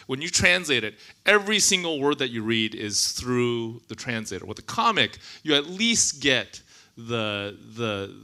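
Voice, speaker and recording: A man's voice: mid-range voice, sharp tone. A man on a conference panel, earnestly making an argument, with a few fillers and restarts.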